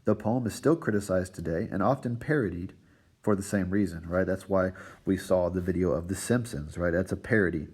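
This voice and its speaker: A man's voice: sits low, a little fast, a little mellow, husky. A man teaching a recorded literature lesson to his students, checking in with "right?" and "all right" after nearly every point.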